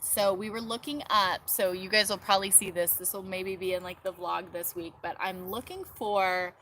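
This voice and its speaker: Mom doing a casual live chat out in the yard, rambly, lots of likes and ums, little bit of background hum. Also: female voice, mid-range voice, fairly even intonation, moderate pace, a bit bright. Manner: chatty and rambling, full of "like" and "um". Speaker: live-stream host and mother. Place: outdoors in a backyard.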